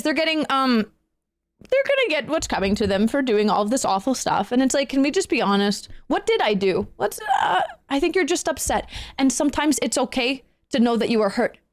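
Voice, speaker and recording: High-pitched female streamer, sweary, repetitive, playful-angry delivery. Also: expressive, fairly quick. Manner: swears, repeats herself, swings between angry and playful. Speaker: VTuber streamer. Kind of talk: live stream rant to chat.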